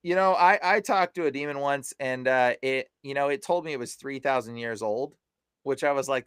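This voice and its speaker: A man's voice: mid-range voice, normal speed, clear, resonant tone, no room sound, clean studio sound. A man who is a podcast guest and deliverance minister, telling stories casually and animatedly, acting out the people he quotes. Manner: animated, retells stories with quoted voices and laughs. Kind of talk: casual storytelling.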